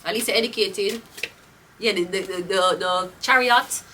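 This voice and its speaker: Speaking at medium pitch and a moderate pace, a woman reads tarot in a sharp tone, her Jamaican accent giving way to patois as she stays casual, blunt and profane. A little hiss or hum sits under the audio, and she's somewhat off-mic.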